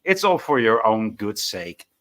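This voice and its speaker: A man's voice: lowish voice, very animated, a little slow, fairly bright tone. A man joining a casual chat as a guest, asking questions with hesitant restarts.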